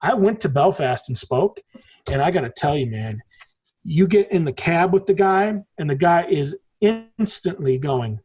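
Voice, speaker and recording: A man's voice: fairly high pitch, lively intonation, normal speed, a little mellow, slightly rough. A man in his forties, a podcast guest in casual conversation, telling rambling stories and swearing casually. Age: 40s.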